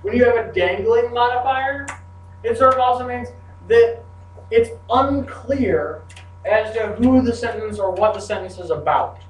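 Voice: mid-range voice, a little slow. A teacher giving a grammar lesson to a class, with playful, joking asides. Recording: echoey classroom from far off, faint hum.

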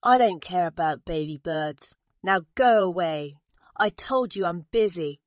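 Lady doing a big mean elephant guy, loud n scornful, slow storybook read. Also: on the low side, lively intonation, no echo, clean studio sound. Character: big, selfish, cruel male elephant.

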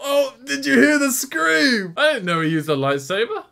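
A young man reacting to a film, excitable and laughing often, talking casually over the scenes. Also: extremely high pitch, moderate pace, gravelly, noisy background. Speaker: movie reaction host. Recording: film soundtrack playing behind.

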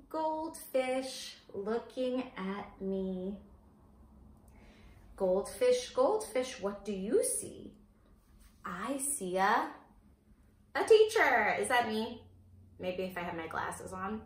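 A woman teacher reading a picture book aloud to young children in a slow, sing-song storytime voice, stopping to ask them questions. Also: mid-range voice, roomy sound. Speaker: preschool teacher.

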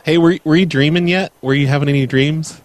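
A man's voice: on the high side, steady tone, fairly quick. A man hosting a live prank call show, teasing a caller in a mock-earnest way.

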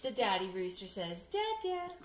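A woman's voice: mid-range voice, animated, moderate pace. A woman, a mother, reading picture books aloud to her baby at home in a playful, sing-song way with animal sounds. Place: home room. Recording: echoey room, faint background noise.

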